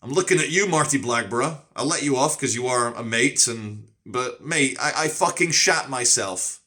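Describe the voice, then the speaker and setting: An English man with a bright, forceful voice rattles through an animated monologue to camera. He tells street stories casually and swears as he goes. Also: medium pitch, moderate pace. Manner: animated storyteller who swears a lot. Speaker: street streamer.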